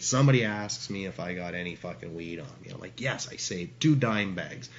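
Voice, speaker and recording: A man's voice: on the low side, moderate pace, fairly bright tone. A middle-aged man telling a story in a rambling, casual way, swearing often and laughing along. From Canada. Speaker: interview guest. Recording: dull lo-fi with faint hiss.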